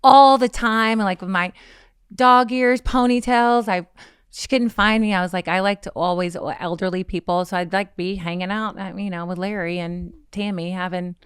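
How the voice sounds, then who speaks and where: Smooth-voiced woman telling lively stories. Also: medium pitch, normal speed, no room sound, studio quality. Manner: animated storytelling, acting out quotes. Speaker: podcast guest. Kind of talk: casual chat.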